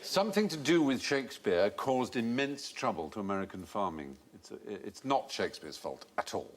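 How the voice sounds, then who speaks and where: A middle-aged male host with a low voice that rises and falls expressively. He explains facts in an articulate, measured, erudite manner. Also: big pitch swings. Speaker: quiz show host. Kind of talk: explaining trivia on a comedy panel show.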